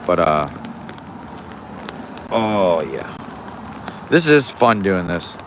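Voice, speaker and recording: A young man with a lowish voice talks in an easygoing, rambling way on a phone livestream. He is outdoors in the rain, and faint traffic and city noise can be heard behind him. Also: big pitch swings, very slow. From Alaska. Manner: rambling, easygoing, many restarts. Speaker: fishing livestreamer. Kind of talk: casual livestream chat.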